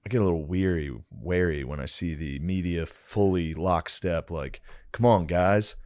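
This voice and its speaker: A man's voice: low voice, normal speed, darkish tone. A man co-hosting a comedy podcast, chatting casually with sarcastic jokes and cursing. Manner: sarcastic, joking, profane. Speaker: podcast co-host. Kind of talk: casual chat.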